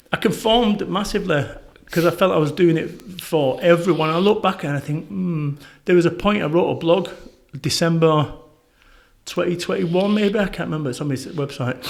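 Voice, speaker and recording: A middle-aged man with a Northern English accent, a podcast guest telling stories in a blunt, swearing, animated way. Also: sits high, gravelly. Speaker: podcast guest, motivational speaker. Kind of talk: casual conversational interview.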